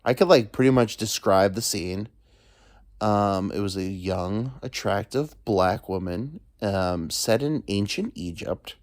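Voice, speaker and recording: A man's voice: lowish voice, slow pace, no room sound, clean studio sound. A man hosting a solo podcast from home, rambling crudely with joking asides. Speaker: podcast host. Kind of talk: casual solo monologue. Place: alone at home.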